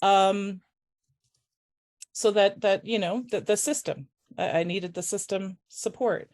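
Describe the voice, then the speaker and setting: A woman faculty member giving a personal, emotional conference talk, halting with many restarts and audibly close to tears. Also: medium pitch, steady tone, a little mellow. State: tearful. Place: conference room.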